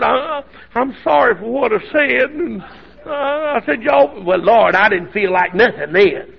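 An older man, a preacher telling a story in a sermon in a folksy, animated way with sudden shouts. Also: sits high, creaky. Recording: dull lo-fi sermon recording.

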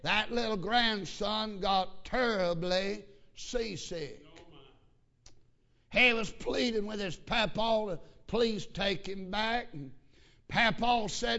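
A man preaching a sermon, telling a story that builds into loud, emphatic preaching. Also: sits high, slow pace. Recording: lo-fi sermon recording.

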